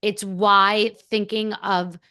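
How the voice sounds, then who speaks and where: A woman's voice: mid-range voice, level tone, slow pace, pushed and bright, smooth, dry recording, studio quality. A woman guest on a podcast, telling a candid story in a blunt, profane, rambling way.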